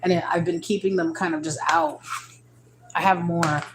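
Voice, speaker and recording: A woman's voice: steady tone, normal speed, noisy background. Candid, tired young woman vlogging. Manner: rambling, emotional, candid, swings to a high pitch when moved. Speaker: mother vlogging her day. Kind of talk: casual vlog chat.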